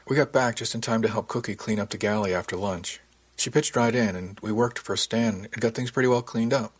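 Low husky guy reading a novel, calm even pace. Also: brisk. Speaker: narrator. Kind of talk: first-person audiobook narration.

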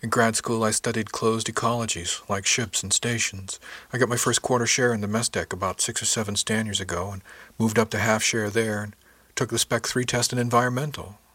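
A frank, friendly woman spacer in an audiobook, as a male narrator reads her lines, talking candidly and matter-of-factly. The voice sits fairly low, and the recording is dry and close. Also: fairly even intonation, a little fast, fairly bright tone, slightly rough, dry recording. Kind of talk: audiobook character voice.

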